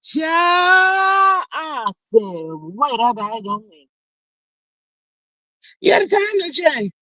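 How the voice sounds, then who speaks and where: A woman hosting a casual live stream, greeting viewers and reading out their comments in an animated, slangy way. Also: fairly high pitch, slow pace, dry recording. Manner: chatty, animated, Southern-style slang.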